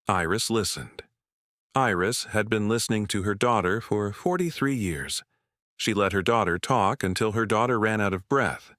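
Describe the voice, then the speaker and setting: A man reading a scripted story in a slow, measured way. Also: lowish voice, a bit bright, no echo, studio quality.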